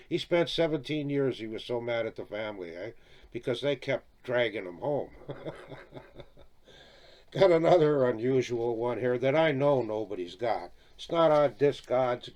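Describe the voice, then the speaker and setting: A man's voice: medium pitch, a little mellow. A man with a rambling, chatty manner, showing off his record collection in a casual video and tagging his sentences with little questions. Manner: rambling, chatty, peppered with "eh?" and "right?", chuckles often. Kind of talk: casual video chat about vinyl records.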